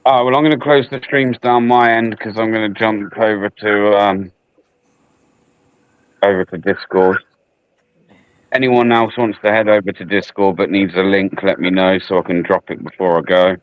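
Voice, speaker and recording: A man chats in a laid-back, chummy way as a stream co-host. His voice sits low, and it comes through a thin, phone-like line that is dry, with no room sound. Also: steady tone, moderate pace, smooth, dry recording. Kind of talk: casual chat on a live stream. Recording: tinny phone-line audio.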